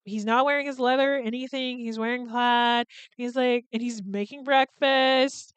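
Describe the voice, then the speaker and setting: A woman's voice: on the high side, fairly even intonation, moderate pace, clean tone, no room sound, highs cut off. A woman in her thirties hosting a podcast, chatting casually and profanely as she recaps a movie and acts out its lines. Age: 30s. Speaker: podcast host.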